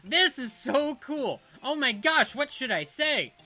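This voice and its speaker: Guy putting on a high squeaky fangirl voice, breathless and gushing, game dub. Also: expressive, measured pace, sharp tone, soft background music, full character voice. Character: gushing young woman, star-struck fan.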